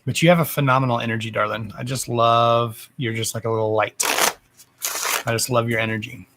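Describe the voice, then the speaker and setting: Gravelly-voiced man chatting on a live stream. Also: medium pitch, fairly quick. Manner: joking, chatty, swears casually, calls viewers darling and love. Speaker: psychic medium doing live card readings. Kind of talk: casual live-stream chat. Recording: steady background noise and card shuffling.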